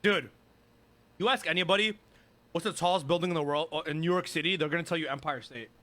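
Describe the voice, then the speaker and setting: A young man commenting on a clip he is watching, firing off quick, exasperated protests. His voice is fairly high and bright, and he rattles through his words at a very fast clip. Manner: quick, exasperated, defensive interjections. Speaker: streamer reacting to a clip. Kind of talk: reaction commentary.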